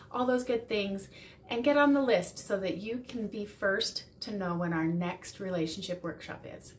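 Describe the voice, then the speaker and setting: A woman's voice: medium pitch, moderate pace. A woman relationship coach giving earnest advice straight to camera, repeating words for emphasis. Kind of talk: direct-to-camera advice talk.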